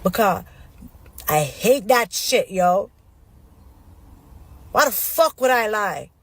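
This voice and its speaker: A woman's voice: mid-range voice, lively intonation, slow, slightly rough, no room sound. A woman with a Jamaican accent in a heated, profane rant in patois. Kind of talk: social media clip.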